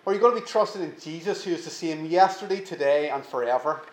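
A man preaching a sermon, earnest and emphatic, slowing down to stress key words. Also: fairly high pitch, expressive, roomy sound, poor audio. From England.

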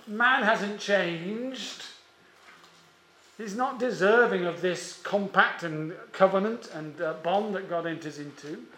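A man preaching a sermon in a church, measured and emphatic, with slow drawn-out stresses and frequent "uh" pauses. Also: sits high, pushed and bright, echoey room, slight background noise.

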